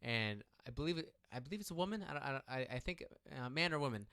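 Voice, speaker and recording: A man talks in a lively, animated way, often breaking off and restarting his sentences. His voice is bright and forceful, with a smooth, crisp clarity. He is co-hosting a casual political chat. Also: mid-range voice, quick pace. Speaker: podcast co-host.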